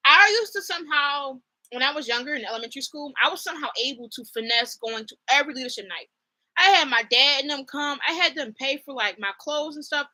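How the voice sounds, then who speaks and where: A young woman hosting a casual commentary vlog, animated and slangy, laughing often and slipping into mock accents. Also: sits high. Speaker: host.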